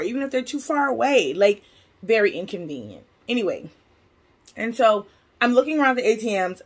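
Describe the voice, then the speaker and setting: A woman telling a long storytime vlog about her day, animated and exasperated, with frequent fillers and acted-out quotes. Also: on the high side. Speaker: vlogger. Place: lives in Taiwan.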